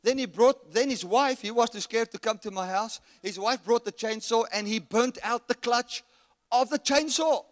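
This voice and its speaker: Male guest preacher, high voice, story-driven delivery, live hall reverb. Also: normal speed. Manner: storytelling, rising to shouts when reenacting anger. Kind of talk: sermon with anecdote. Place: resort hall at a church camp. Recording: long reverb of a large hall.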